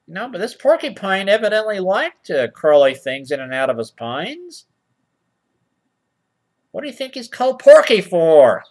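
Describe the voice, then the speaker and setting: A man's voice: high-pitched, sing-song, darkish tone. A man doing a mock children's-show comedy reading of old rhymes, sarcastic and mock-innocent, drawling out the quoted lines and asking the boys and girls. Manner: drawls slow over-read quotes. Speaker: comic reader of nursery rhymes.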